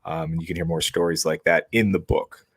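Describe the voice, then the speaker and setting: A man with a lowish voice hosts a live show casually. He breaks in with short plugs and quick questions. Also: steady tone, husky. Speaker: podcast host.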